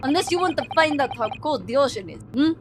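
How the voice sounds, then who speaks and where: A woman putting on a gruff accusing foreign officer. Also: high-pitched, expressive, fast, slight background noise. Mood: menacing. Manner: mock accent, clipped and threatening.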